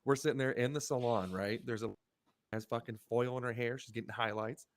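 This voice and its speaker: A middle-aged man co-hosting a podcast tells an animated, swear-filled story in casual chat. His medium-pitched voice has fairly even intonation and a slightly fast pace, with no room sound on the recording.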